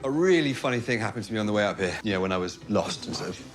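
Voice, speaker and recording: A man's voice: fairly low pitch, expressive, very fast, over music, close to an everyday voice. An actor playing an anxious, awkward young British man who rambles and hesitates with ums. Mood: nervous.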